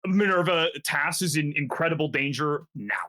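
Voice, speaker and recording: A man's voice: a little high, moderate pace, bright, forceful tone. A man playing a tabletop game, speaking urgently and with exasperation in character. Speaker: player. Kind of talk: in-character tabletop role-play.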